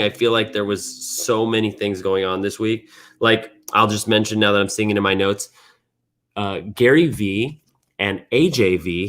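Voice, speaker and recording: A man hosting a weekly community news recap, thinking out loud in a relaxed, casual way. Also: lowish voice. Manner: thinks aloud, restarts and fillers, relaxed.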